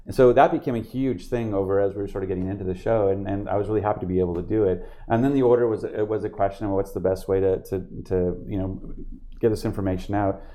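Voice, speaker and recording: Man, middle-aged, casual interview guest, quick talker, mellow dark timbre. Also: on the low side. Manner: animated storyteller who acts out fans' reactions. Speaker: game studio head, guest.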